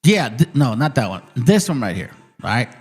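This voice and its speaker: A man's voice: medium pitch, very animated, moderate pace, a little mellow, slightly rough. A man hosting his channel with heated, profane, mocking commentary on clips. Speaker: channel host.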